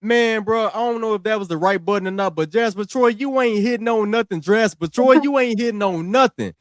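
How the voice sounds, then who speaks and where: A man's voice: high-pitched, a little fast, dry recording, studio quality. A young man hosting a wrestling podcast, ranting in a heated, slangy, scolding way. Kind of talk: casual ranting commentary.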